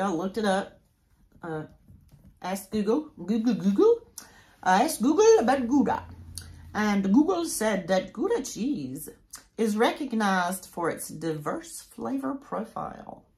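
Lively, rambling woman in her sixties. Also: medium pitch. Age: 60s. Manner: rambling, chatty, self-interrupting. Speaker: crochet vlogger. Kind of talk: casual chat to camera.

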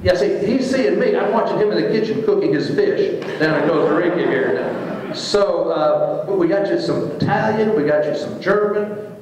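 A man, a pastor, leading a church trip meeting in an informal, joking, animated way. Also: high voice, moderate pace, highs cut off, a crowd in the background. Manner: lively, joking, animated teacher. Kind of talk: informal talk to a church group. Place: church fellowship hall. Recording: echoey hall, speaker far from mic.

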